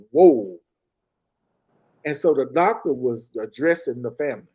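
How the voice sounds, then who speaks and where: A man's voice: medium pitch, dark tone, low-quality recording. A middle-aged man from Arkansas, a former police detective earnestly telling a personal story and repeating phrases for emphasis. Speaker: podcast guest.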